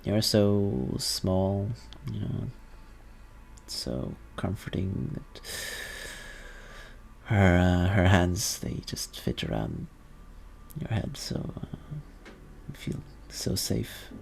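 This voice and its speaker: Brief: male game master, low voice, slow halting second-person narration. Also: very animated, creaky, a little mellow, a little hiss or hum.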